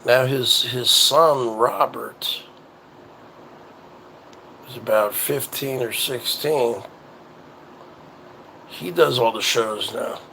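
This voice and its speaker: A man hosting a casual chat show talks slowly and unhurriedly, his voice rough with gravelly fry. He rambles and circles back over his words. A faint hum of noise sits behind him. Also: medium pitch, sharp tone, rough recording. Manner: rambling, halting, repeats himself. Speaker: show host.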